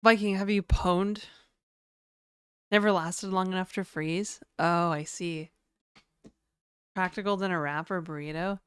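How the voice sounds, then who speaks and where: Rambling woman streamer reading chat; smooth voice, dry close mic. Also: lowish voice, steady tone, unhurried, pauses often, a bit bright, no echo. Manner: rambling, chatty, reads chat aloud. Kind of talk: casual live-stream chat.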